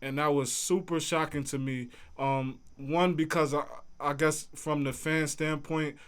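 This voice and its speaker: A man hosts a casual livestream and talks back to his chat in relaxed slang. His voice sits a little high for a man and comes through smooth and clear. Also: a little slow. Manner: laid-back, conversational, speaks to chat in slang. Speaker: livestream host reading chat.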